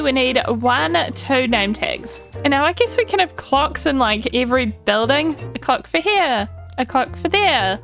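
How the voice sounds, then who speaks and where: Bubbly high-voiced woman gaming. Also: vocal fry, a bit bright. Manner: bubbly, chatty, coos at in-game animals. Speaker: Minecraft YouTuber. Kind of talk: casual gameplay commentary. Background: faint background music.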